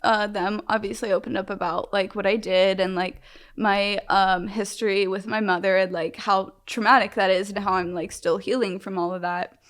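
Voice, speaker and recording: A woman's voice: mid-range voice, steady tone, moderate pace, fairly bright tone. A young woman interviewee telling her own story candidly, rambling with lots of "like" fillers and restarts. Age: young adult. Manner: open and emotionally frank.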